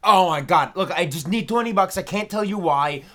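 A man's voice: high-pitched, normal speed, pushed and bright. A man co-hosting a comedy podcast, blunt and jokey, swearing freely in improvised bits. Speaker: podcast co-host.

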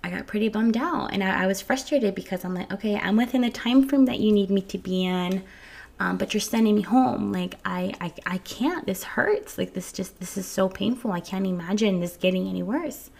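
A young woman with a medium-pitched, creaky, darkish voice talks fairly quickly as she tells her viewers a personal story. It's early morning at home, and she's casual and frank, swearing freely, with frequent restarts and little laughs.

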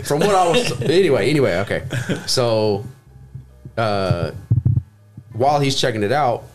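A man's voice: mid-range voice, animated, measured pace, faint music behind. A young man from Texas telling a rowdy story in casual chat, swearing freely and acting out what people said. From Grand Prairie, Texas. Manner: rambling storyteller, swears freely, acts out quotes.

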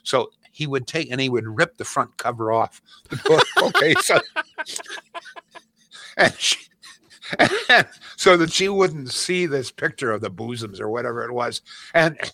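Bright, rambling older radio host. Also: male voice, mid-range voice, expressive, a little slow, pauses often, slight background noise. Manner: rambling storyteller, laughs at own stories. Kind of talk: casual radio chat and live ad read.

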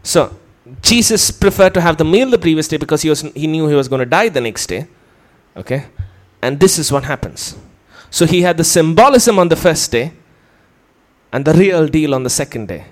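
Speaking in a light, high voice, this preacher is expressive as he teaches his sermon, walking through each point with patience. Every so often he throws a quick question out to his listeners.

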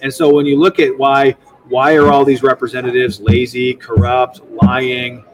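A young man speaking as a guest in a casual interview. He talks in a rambling, animated way, restarting often. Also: medium pitch, normal speed, recorded from a distance, faint music behind, low-quality recording. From United States. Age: young adult. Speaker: state legislator guest.

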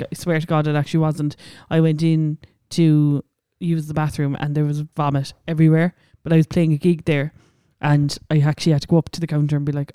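A man's voice: a little high, mellow, clear, resonant tone, no room sound, studio quality. A young man with a Cork Irish accent, co-hosting a casual podcast chat, chatty and laughing often, swearing casually. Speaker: podcast co-host.

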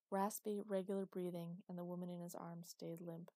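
A woman narrating an audiobook with steady, expressive storytelling. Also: lowish voice, moderate pace, hardly any pauses, no echo, studio quality.

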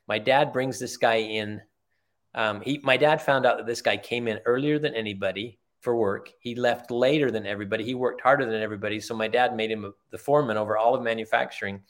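An older man, a retired executive, telling heartfelt stories in an earnest, conversational way as a podcast guest. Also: mid-range voice. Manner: earnest, heartfelt, repeats phrases for emphasis. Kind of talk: conversational storytelling.

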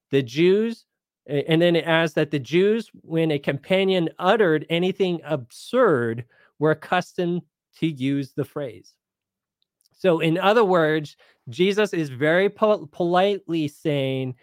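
Man, Bible show host, casual explanatory talk, slightly high voice, dry close recording. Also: measured pace, dry recording. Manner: explanatory, casual, paraphrases scripture in everyday speech. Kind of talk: live Bible Q&A teaching.

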